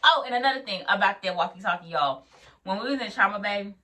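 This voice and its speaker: A woman's voice: medium pitch, animated, fast, sharp tone, far from the mic. A young woman vlogging casually about her first week as a nurse, laughing and acting out dialogue as she tells the story. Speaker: new-grad nurse vlogger.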